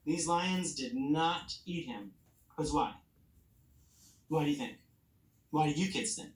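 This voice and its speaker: A woman's voice: sits low, expressive, slow pace, roomy sound, rough recording. A woman telling a Bible story to children at bedtime, playful, asking them questions and acting out the characters.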